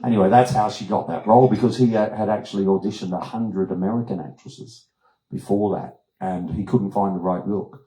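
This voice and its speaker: Older Australian man telling lively anecdotes. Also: fairly low pitch, a little fast. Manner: animated storyteller, acts out voices. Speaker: guest speaker. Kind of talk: anecdotal presentation. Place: wellness retreat room. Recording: echoey room.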